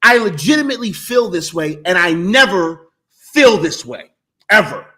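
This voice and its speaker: A man's voice: high voice, big pitch swings, moderate pace, sharp tone. A man co-hosting a sports talk show, arguing his predictions emphatically, repeating words and swearing freely. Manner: emphatic, profane, repeats himself. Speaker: sports podcast co-host. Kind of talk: heated casual sports debate.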